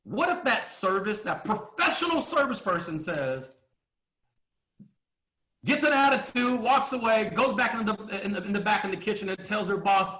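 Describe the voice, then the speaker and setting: A man giving a motivational business coaching talk, emphatic, asking rhetorical questions and often clearing his throat. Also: sits high, expressive, moderate pace, pushed and bright, roomy sound.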